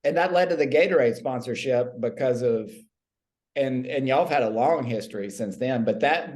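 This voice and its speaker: A man's voice: mid-range voice, moderate pace, a little mellow. A man co-hosting a comedy podcast, telling made-up stories about his career with a straight face. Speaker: comedian co-host. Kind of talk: deadpan improvised comedy chat.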